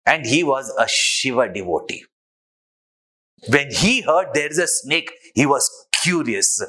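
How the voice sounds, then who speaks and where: A male spiritual teacher talks through a story at an unhurried pace. His pitch moves in wide, lively swings as he lingers on each step, then he turns the tale into a lesson. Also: poor audio. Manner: unhurried anecdotal telling with a moral. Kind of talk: sermon storytelling.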